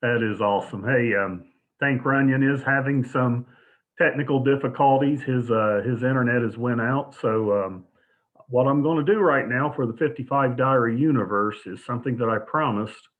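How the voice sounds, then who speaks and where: A man's voice: medium pitch, normal speed. A man hosting a casual online show, chatty and hesitant, with lots of ums and uhs. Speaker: show host. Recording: phone-like lo-fi audio.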